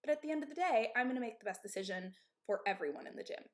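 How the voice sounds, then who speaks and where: A woman's voice: a little high, expressive, racing. A woman in her thirties who owns and coaches at a gym, giving candid, emphatic advice on a live stream. She often checks in with "okay?" and "right?". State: out of breath.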